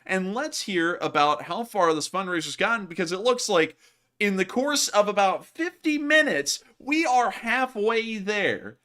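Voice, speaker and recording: A man hosting a livestream, chatting casually and telling stories in an animated way. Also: sits high, measured pace. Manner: animated storyteller, says y'all. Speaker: host of a war news livestream.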